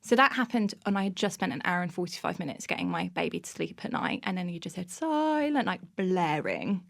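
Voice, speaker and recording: Woman, 30s, podcast guest; lively, expressive delivery, full of laughs. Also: lowish voice, fast talker, creaky. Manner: animated storytelling, bursts of laughter. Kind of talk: casual interview chat.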